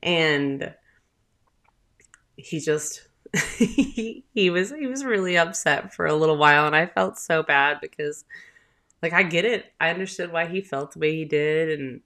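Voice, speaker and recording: Southern mom host, thirties, low slow chatty voice, gravelly fry, rambling storyteller. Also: female voice, a bit bright. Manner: chatty, rambling, with filler words and laughs. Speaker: podcast host, mother. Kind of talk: casual storytelling.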